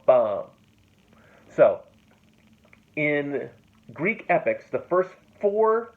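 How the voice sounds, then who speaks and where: A man teaching a classroom lecture in a loose, conversational way, checking in often with his students. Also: mid-range voice. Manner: casual and conversational, checks in with "okay?" and "right?". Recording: tinny phone-like classroom recording.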